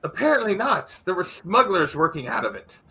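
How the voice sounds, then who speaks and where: A man's voice: high voice, sing-song, a little fast, bright, forceful tone, full character voice. A man voicing a determined young noblewoman who speaks urgently and demands things.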